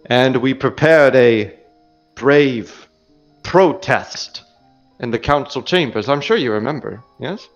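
A man's voice: mid-range voice, slow, soft background music. A man playing a sly courteous clan noble. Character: sly, smooth male clan noble lounging in a spa.

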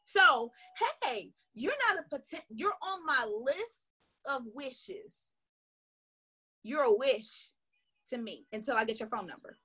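High, bright-voiced energetic woman coach. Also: takes it slowly, slightly rough. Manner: energetic, emphatic, acts out little dialogues. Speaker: sales coach. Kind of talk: motivational sales training talk.

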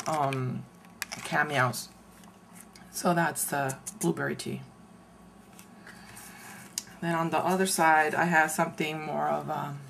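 Low gravelly woman chatting about crafts. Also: a little hiss or hum. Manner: chatty, meandering, often pauses to search for words. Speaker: paper crafter showing a handmade mini album. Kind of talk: casual show-and-tell craft video.

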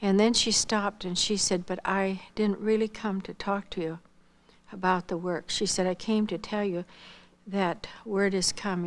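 A woman giving a spoken missionary testimony, telling her story earnestly and quoting the dialogue. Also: mid-range voice.

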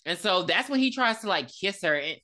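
A woman co-hosting a casual movie review podcast, retelling scenes with animated energy and frequent swearing. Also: medium pitch, fairly quick. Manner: animated retelling, acts out characters, profane. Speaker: podcast co-host.

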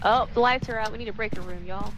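A young woman in casual gaming chat with friends, jumpy and quick to swear, shriek and laugh when scared. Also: mid-range voice. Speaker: gamer playing a ghost-hunting game with friends.

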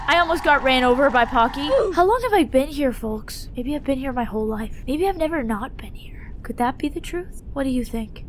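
High-pitched woman gaming with dramatic outbursts. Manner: dramatic, jokey, shrieking when startled. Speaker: gaming YouTuber. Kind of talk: let's play commentary.

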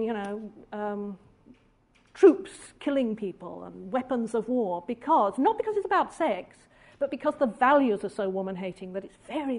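Woman speaker, fairly high voice, deliberate public lecture delivery with dry asides. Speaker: feminist speaker giving a lecture. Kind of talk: public lecture with read-out quotations.

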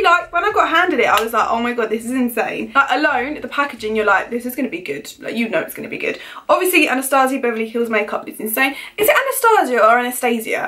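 A woman beauty vlogger chatting to camera in a gushing, excitable, rambling way. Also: high voice. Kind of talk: casual chat to camera.

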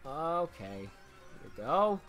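Young guy streaming a kart game, bright voice, mutters then yells and swears, game music faint behind. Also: fairly high pitch, very animated, slow pace. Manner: swings from muttering to shouting outbursts, swears a lot. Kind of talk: live gameplay commentary.

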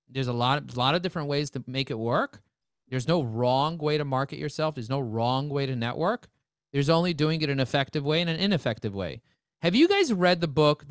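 A man presenting a live webinar, talking in energetic, joking sales patter. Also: on the high side, dry recording, studio quality.

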